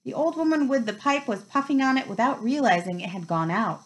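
A woman's voice: fairly high pitch, fairly quick, poor audio. A woman reading a children's novel aloud, telling the story expressively. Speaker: reader.

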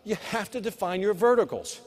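A middle-aged man speaks from a conference stage in a high, punchy voice, firing sales advice straight at the audience. His words ring out with a long tail of reverb from the large hall. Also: animated, fairly quick, darkish tone. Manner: punchy motivational delivery, talks to the crowd. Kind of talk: live conference keynote.

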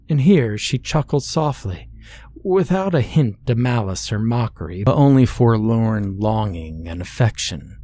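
A man narrating a scary story in a steady, measured way. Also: medium pitch. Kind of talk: scripted horror story narration.

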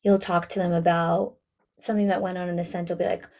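A woman coaching school leaders in an online town hall, talking directly and lively to her audience. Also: lowish voice, quick pace. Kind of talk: webinar talk.

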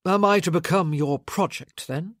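A woman reading the part of a guarded, sardonic young gentleman in an audiobook, giving dry, clipped replies. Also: fairly low pitch, very animated, measured pace, no room sound. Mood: wry guarded. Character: wry young male rake, guarded and sardonic.

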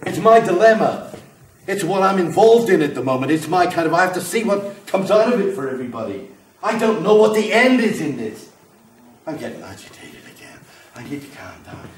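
A man's voice: medium pitch, very animated, moderate pace, a little hiss or hum, close to an everyday voice. A man acting a grandiose, lonely figure who is fire itself, in a live spoken-word stage show, swinging between boasting and apology. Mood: lonely apologetic. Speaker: stage performer. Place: theatre stage. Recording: roomy live venue from far off.

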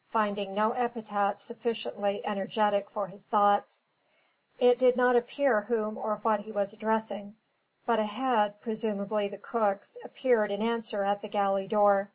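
Woman reading an old novel aloud, steady pace, kinda muffled audio. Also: mid-range voice, normal speed. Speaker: audiobook narrator. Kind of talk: scripted narration.

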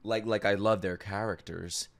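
A young man reacting to an anime episode, excitable and profane, shouting and laughing at the screen. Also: lowish voice, normal speed, vocal fry. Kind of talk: casual reaction commentary. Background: anime audio under the voice.

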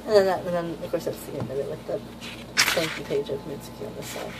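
A woman chatting casually as she pages through a new manga volume, rambling and gushing with excitement, with a slightly sore throat. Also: low-pitched, quick pace, background noise. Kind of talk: casual unboxing chat.

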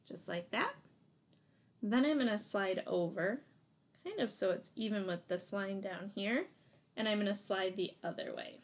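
A woman teacher leads young children through a phonics lesson, sounding out each letter and offering encouraging praise. She speaks slowly and patiently at a middle pitch, with lively intonation.

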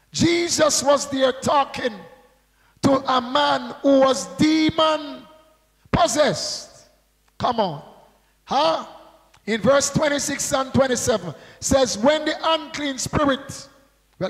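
A man's voice: very high voice, slow pace, long reverb tail, rough recording. A male pastor preaching a sermon, drawing out call-and-response with rhetorical questions and prompts to the congregation.

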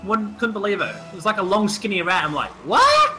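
A man's voice: sits high, fast talker, sharp tone, soft background music, rough recording. A man hosting a casual gaming session with friends, joking and laughing often. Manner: jokey, laughs often, slips into mock accents. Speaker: gaming channel host.

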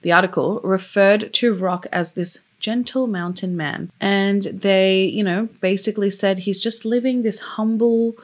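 A woman's voice: mid-range voice, steady tone, a little slow, hardly any pauses. A young woman who is a true crime YouTuber, telling a case in a loose, chatty way with many fillers and open emotion. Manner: openly emotional about the story. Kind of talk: casual storytelling.

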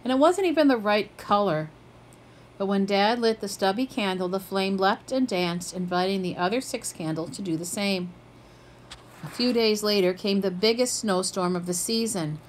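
A woman's voice: medium pitch, moderate pace, a little hiss or hum, poor audio. A woman reading a children's picture book aloud, lifting her voice for the characters' quoted lines. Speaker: storybook reader.

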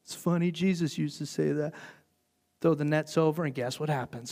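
A man preaching a sermon as pastor, telling the story in an animated way and briefly acting out the voices of the people in it. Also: fairly high pitch, moderate pace. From United States.

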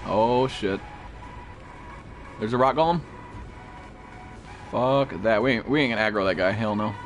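A man's voice: lowish voice, unhurried. A man streaming a survival game, swearing constantly and yelping in alarm at monsters as he chats with a teammate. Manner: excitable, swears constantly, frequent startled outbursts. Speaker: gameplay streamer. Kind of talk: profane live gameplay commentary. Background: faint background music.

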